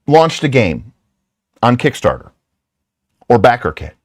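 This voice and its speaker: A man's voice: mid-range voice, big pitch swings, a little slow, no echo, clean studio sound. A middle-aged man hosting his own channel, talking casually and rambling through self-deprecating stories with lots of restarts and asides. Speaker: channel host.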